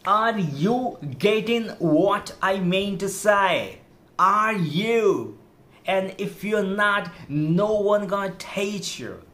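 Slow, emphatic man lecturing. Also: high voice, expressive, fairly bright tone. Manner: emphatic, repetitive, exhorting. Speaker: English-speaking coach and podcast host. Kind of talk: motivational lecture on pronunciation.

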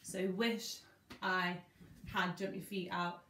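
Slow-talking woman dance teacher. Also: lowish voice, level tone, bright, forceful tone. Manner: talks through each move, half-speaking the lyrics. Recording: echoey room.

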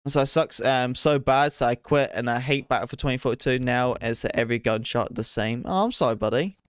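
A man's voice: mid-range voice, fairly quick, clear, resonant tone, no room sound, studio quality. A man streaming a shooter game, chatting casually and rambling, poking fun at his own play. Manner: chatty, rambling, self-deprecating, excitable. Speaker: gaming streamer. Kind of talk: casual gameplay commentary.

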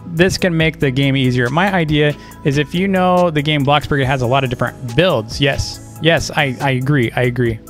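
Playful young man reading fan messages. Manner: playful, animated, reads messages aloud in a higher voice. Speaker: YouTuber host.

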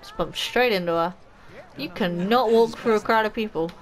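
A woman, chatty and excitable, giving let's play commentary as a gaming channel host. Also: medium pitch, normal speed, slight background noise.

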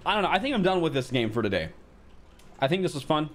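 A young man commentating his own gameplay live, joking, swearing and breaking into high panicked yelps. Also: fast, slight background noise. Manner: frantic, swings from mock-calm to high panicked yelps, swears a lot. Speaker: streamer.

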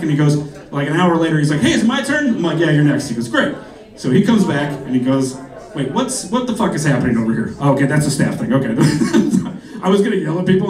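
On a comedy club stage, a male stand-up comedian with a fairly high, slightly mellow voice tells rambling stories, laughing often and imitating the voices of the people in them. The club is echoey, the mic sounds distant, and audience laughter fills the background.

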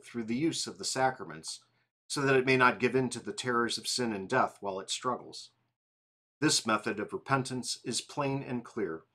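A tired man reading a church confession aloud in an evening devotional, steady and plain. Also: mid-range voice. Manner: reads steadily, apologizes and laughs at slips. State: yawning, tired.

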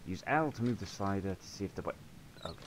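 A man's voice: low voice, lively intonation, quick pace, a little hiss or hum. A man swearing and joking his way through a video game. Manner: sweary, jokey running commentary. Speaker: gamer. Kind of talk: let's play commentary.

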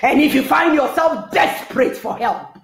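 A woman's voice: high voice, animated, moderate pace, gravelly. Impassioned woman preacher in an echoey hall. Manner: impassioned, shouting rallying calls. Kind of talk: sermon.

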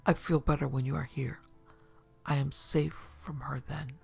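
A woman's voice: rumbling low, steady tone, normal speed, creaky, warm tone, slightly rough, muffled recording, faint music behind, full character voice. A woman voicing a feverish, tormented young male student in a storybook tale, rambling and dropping into dread-filled whispers. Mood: haunted, feverish.

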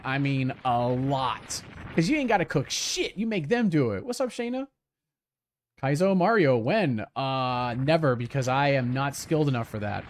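A man's voice: medium pitch, a little hiss or hum. Chatty man streaming a game. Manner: chatty, reacting to gameplay and reading chat aloud. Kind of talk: casual livestream chat.

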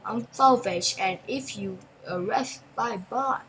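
A woman hosting a gaming channel, giving chatty, excitable gameplay commentary in broken English and repeating phrases. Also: mid-range voice, slow, a little hiss or hum, low-quality recording.

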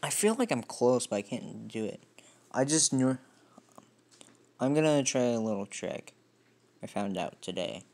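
A man chatting casually to camera in a home video. His talk rambles, full of self-deprecating asides, at a middling pitch. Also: animated, measured pace, pauses often, darkish tone. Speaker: vlogger.

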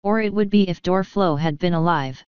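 A brisk, practical young watchwoman talks matter-of-factly, as a woman narrator puts her on. It is close to the reader's own clear, lowish voice, dry and a bit dull in sound. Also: darkish tone, no room sound, natural voice. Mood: pragmatic.

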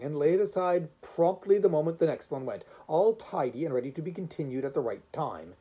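A man reading a short story aloud, narrating with expression and measured pacing. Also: on the high side, warm tone, breathy edge. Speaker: audiobook reader.

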